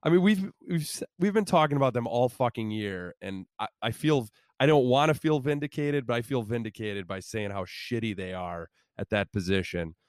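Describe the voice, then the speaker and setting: A man's voice: mid-range voice, moderate pace, hardly any pauses, no room sound, clean studio sound. A man co-hosting a podcast, telling rambling, profane stories in casual sports chat. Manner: rambling, profane, self-interrupting. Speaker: podcast co-host.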